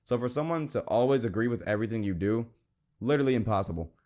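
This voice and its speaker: A young man hosting a Christian show talks fast with lively intonation and a darkish tone. His delivery is sincere and casual; he quotes scripture and mimics friends using a high voice.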